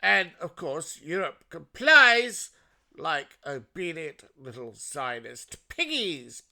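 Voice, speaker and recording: A man's voice: fairly high pitch, very animated, takes it slowly, creaky, pushed and bright. An Australian man giving a sarcastic, mocking solo commentary as host of his own show. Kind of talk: solo political commentary monologue.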